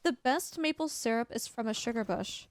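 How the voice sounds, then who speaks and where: A woman's voice: on the high side, moderate pace, no echo. A young Canadian woman with a Canadian accent, chatting casually with her live chat while streaming a game, laughing often and restarting sentences. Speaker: livestream gamer.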